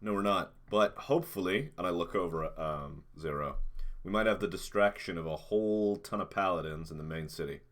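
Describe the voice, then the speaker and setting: Man doing a cocky commander, deep low voice, confident, wry. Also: a little fast, a bit bright. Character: brash, cocky male squad commander.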